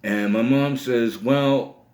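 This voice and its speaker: Middle-aged man, lowish voice, rambling casual storytelling, echoey room. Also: a little slow. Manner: rambling, leans heavily on "you know". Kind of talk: casual spoken anecdote. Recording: roomy echo.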